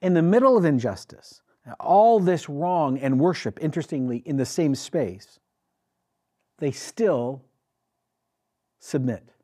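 Husky, animated pastor preaching a sermon. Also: male voice, on the high side, slow pace, long pauses. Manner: emphatic, asks the congregation questions. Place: church with a congregation.

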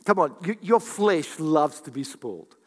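A man preaching a sermon as a pastor, animated and repetitive, acting out the voices he quotes. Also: a little high, measured pace, big-room sound. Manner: animated, acts out quoted voices, repeats for emphasis. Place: church hall.

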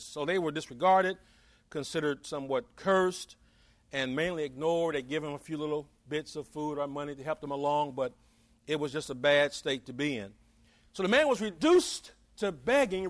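A man's voice: a little high, fairly bright tone. A man preaching a sermon in a folksy, conversational way, acting out the voices of the people in his story.

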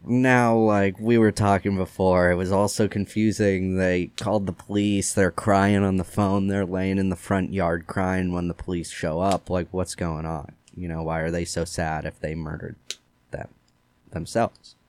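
A man hosts a casual true-crime podcast, loosely retelling the case as a relaxed storyteller who says "like" constantly. His low voice is smooth and measured in pace. The recording is dry.

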